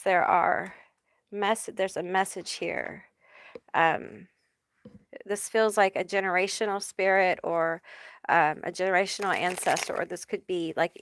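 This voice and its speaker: Slow, emotional woman reading tarot. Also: on the low side, a bit bright, dry recording, studio quality. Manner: slow, halting, emotional, many fillers. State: emotional, near tears. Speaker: tarot reader. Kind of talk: live spiritual tarot reading.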